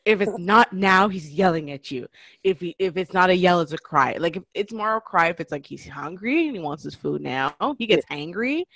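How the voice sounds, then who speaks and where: A woman co-hosting a podcast in casual chat, telling animated stories about her kids and acting them out. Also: lowish voice, moderate pace, no echo. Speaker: podcast co-host.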